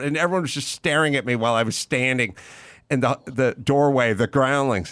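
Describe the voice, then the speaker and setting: A middle-aged man hosting a casual chat, an animated storyteller who loudly imitates other people. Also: medium pitch, brisk, clean tone, dry recording. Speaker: podcast host.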